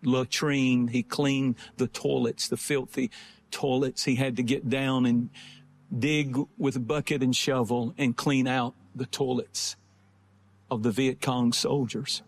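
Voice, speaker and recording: A man preaching a sermon, swinging between fervent, rising exhortation and slow, low storytelling. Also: flat delivery. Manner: rising to impassioned shouting, then slowing to low storytelling.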